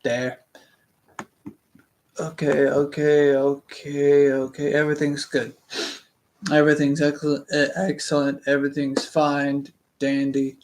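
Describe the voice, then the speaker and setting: Young guy chatting on stream, kinda high voice, slow and halting, lots of ums and restarts. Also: completely flat delivery, a little mellow. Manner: hesitant, stammering, many fillers and restarts. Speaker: book reading channel host. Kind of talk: casual rambling livestream chat.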